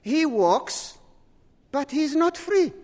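High-voiced man preaching slowly in a hall. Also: expressive, a little mellow. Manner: earnest, repeats words and restarts often. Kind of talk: sermon.

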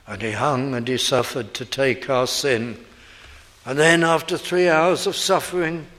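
A male preacher delivers a sermon in a slow, deliberate cadence, his voice set a little higher than most men's. He swings from fervent, ringing peaks down to low, hushed phrases. A long reverb from the large hall trails after each line. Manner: impassioned, rising to fervent peaks then dropping low and hushed.

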